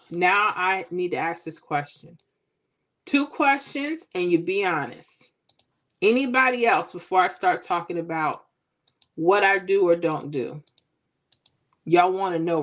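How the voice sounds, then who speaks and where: A woman with a slightly low voice hosts a casual livestream. She chats with her viewers, teasing and joking in a playful, animated way. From Florida. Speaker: livestream host. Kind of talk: casual chat with live viewers.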